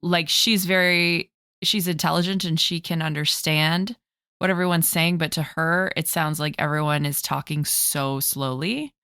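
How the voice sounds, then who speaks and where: A woman's voice: sits low, normal speed, clear, resonant tone, no room sound, studio quality. A woman player chatting about a tabletop game, telling stories with lots of laughter. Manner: chatty, laughs often, animated storytelling. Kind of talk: casual podcast chat about a game.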